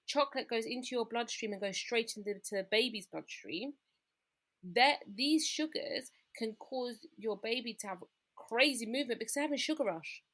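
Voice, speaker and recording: A woman telling her own story in a candid, reflective conversation, growing quieter at the painful parts. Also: fairly high pitch, moderate pace. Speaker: guest sharing her experience.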